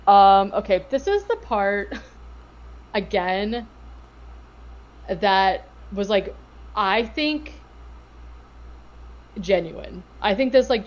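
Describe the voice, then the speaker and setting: Woman podcast co-host, mid pitch, rambling casual recap, slightly dull lo-fi audio. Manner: rambling, lots of filler words and swearing. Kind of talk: casual chat recapping a TV episode.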